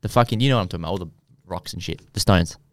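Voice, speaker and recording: A young man co-hosting a casual podcast chat, swearing a lot and getting excited. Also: deep voice, racing, dry recording, studio quality. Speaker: podcast co-host.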